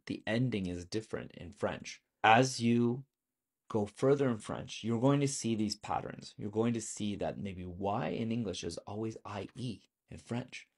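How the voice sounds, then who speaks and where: Man, French teacher, video lesson, asks the viewer questions, somewhat low voice. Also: a little mellow, husky.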